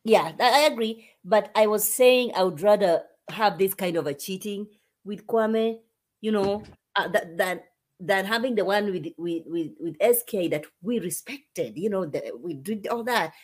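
A married woman co-hosting a casual live recap chat, speaking in a measured way and often restarting her sentences. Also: medium pitch. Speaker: co-host.

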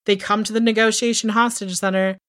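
A woman in her thirties co-hosting a podcast, recapping in casual chat and swearing freely as she gets animated. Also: medium pitch, a little fast, no echo, clean studio sound. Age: 30s. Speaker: podcast co-host.

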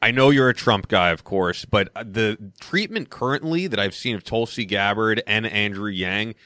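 Male co-host, lower pitch, bright forceful tone, dry close recording. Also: normal speed, no room sound. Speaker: podcast co-host. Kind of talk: casual podcast conversation.

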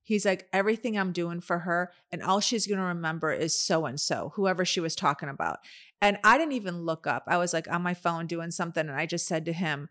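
A woman's voice: fairly low pitch, a little fast. A middle-aged woman co-hosting a podcast, telling family stories in casual chat and acting out the dialogue. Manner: animated storyteller, acts out quoted dialogue. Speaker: podcast co-host.

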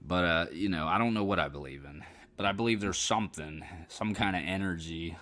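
A man with a notably deep, low-pitched voice chats alone on his podcast. He sounds worn out and talks in a loose, rambling way, dropping the odd curse word casually. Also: brisk. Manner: rambling and relaxed, swears casually. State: tired. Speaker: podcast host. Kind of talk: casual solo podcast chat.

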